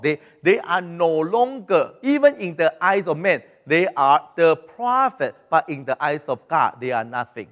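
A man preaching a sermon in animated style, acting out quoted voices and speaking with non-native grammar. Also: on the high side, normal speed, big-room sound.

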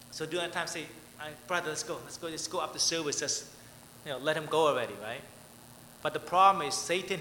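A man preaching a chatty, story-filled sermon, his bright, forceful voice ringing through a large hall with a long reverb tail. He keeps asking "right?" and laughs now and then, sounding slightly high for a man. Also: slight background noise. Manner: conversational, repeatedly asks "right?", laughs often. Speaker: pastor.

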